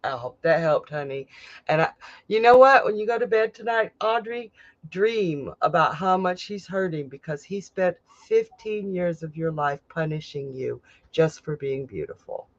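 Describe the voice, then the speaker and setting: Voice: medium pitch, expressive, moderate pace, no echo, dull audio. A psychic host giving a casual live tarot reading, chatty and blunt, swearing freely.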